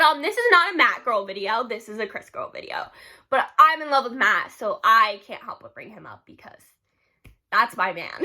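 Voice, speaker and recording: A giggly young woman chatting to camera about her favorite books. Her voice sits high and swoops all over the place, and it stays bright and sparkly. She gushes and rambles, dropping "like" into almost every phrase. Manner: giggly, gushing, heavy use of "like". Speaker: book vlogger. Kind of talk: casual rambling vlog.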